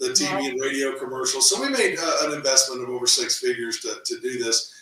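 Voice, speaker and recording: A middle-aged man, a real estate team owner, telling his story in a casual interview, animated and often repeating words as he acts out what others said. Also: medium pitch, quick pace, far from the mic. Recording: echoey room, voice from off the mic.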